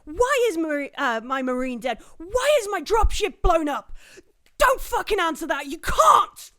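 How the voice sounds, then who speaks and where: A woman's voice: a little high, animated, moderate pace, natural voice. A woman voicing a foul-mouthed female commanding officer who rants and swears, her voice cracking with rage. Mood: ranting.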